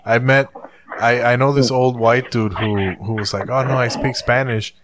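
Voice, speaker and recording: A man's voice: mid-range voice, fairly even intonation, moderate pace, noisy background. A man from Puerto Rico in casual chat, loose and profane. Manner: loose, swearing, laughs often.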